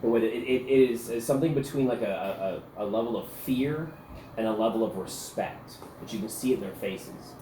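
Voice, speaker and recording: A man's voice: fairly low pitch, normal speed, mellow, slight background noise. A man as game master narrating a tabletop game in a loose, descriptive way, with frequent filler words. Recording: echoey room with faint ambience.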